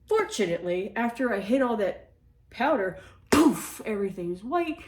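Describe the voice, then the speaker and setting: A woman telling funny personal stories in a casual, animated, self-mocking way. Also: medium pitch, fairly quick, far from the mic. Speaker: storyteller. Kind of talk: casual storytelling. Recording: echoey room.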